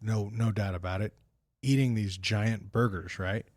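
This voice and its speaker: A male podcast co-host chats casually in a lowish, slightly mellow voice with fairly even intonation. He leads the topics but halts often, full of fillers and restarts, and the recording is dry.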